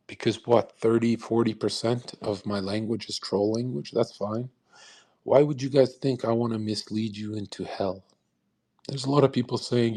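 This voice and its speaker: A man's voice: lowish voice, a little mellow, breathy edge. A young man in his twenties hosting a live audio room, talking in a crude, combative and boastful way. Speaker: livestream host.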